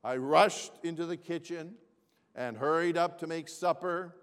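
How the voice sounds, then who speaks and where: A man's voice: on the high side, measured pace, a bit bright, smooth. An older man telling a humorous personal story to a gathering, often repeating his phrases and asking the audience to answer back. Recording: long reverb of a large hall.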